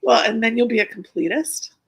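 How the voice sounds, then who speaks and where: A woman's voice: fairly high pitch, fairly quick, gravelly, breathy edge, rough recording. A woman hosting her own live stream, chatting casually and rambling with many fillers and restarts. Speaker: host of a live pin-collecting stream.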